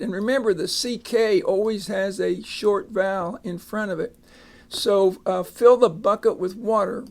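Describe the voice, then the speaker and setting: A man leads a phonics lesson at an unhurried pace, patiently saying each word and then saying it again. His voice has a gravelly, creaky edge. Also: high-pitched. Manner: patient, sounds out words and repeats them. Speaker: reading teacher.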